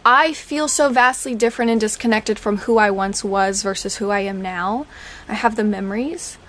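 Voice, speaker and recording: A woman, talking candidly as a podcast host, chatty and laughing through dark jokes. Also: mid-range voice, moderate pace. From Oklahoma. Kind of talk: casual personal talk.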